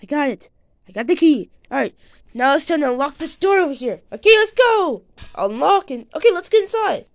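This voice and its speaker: A woman hosting her channel, narrating a playful toy adventure in an excitable manner and bickering back and forth with herself. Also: sits high, creaky. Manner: excitable, bickering with itself, quick changes of voice. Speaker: channel host.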